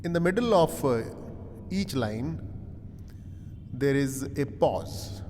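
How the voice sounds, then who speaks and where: Slow, deliberate professor. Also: male voice, medium pitch, expressive, mellow, a little hiss or hum. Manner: slow and deliberate, frequent "uh" pauses, rephrases points. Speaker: English literature professor. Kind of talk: recorded lecture. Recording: long hall reverb.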